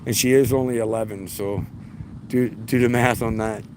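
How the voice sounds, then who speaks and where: A man's voice: fairly low pitch, steady tone, moderate pace. A man in his forties, hosting a casual livestream outdoors beside a city street and telling rambling anecdotes. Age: 40s. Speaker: livestream host. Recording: loud street traffic noise.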